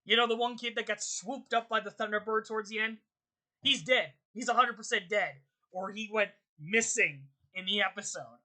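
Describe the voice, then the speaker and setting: A young woman hosting her channel, ranting in casual commentary, exasperated and swearing, her voice jumping high in outbursts. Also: moderate pace, bright, forceful tone. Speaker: channel host.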